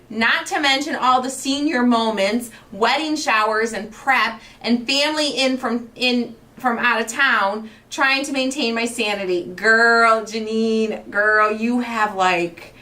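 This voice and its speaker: A woman's voice: on the high side, bright, forceful tone. Chatty, gushing woman craft host. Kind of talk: casual livestream chat while crafting.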